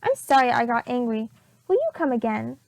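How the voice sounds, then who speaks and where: A woman reading a storybook aloud and voicing a fussy young mother who exclaims in a shrill voice. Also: big pitch swings, a little fast, gravelly, no echo. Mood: softened.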